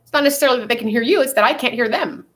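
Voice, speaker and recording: Talking fast in a slightly high, somewhat bright voice, a young woman chats casually on her vlog. She meanders from point to point, curses openly, and leans heavily on filler words.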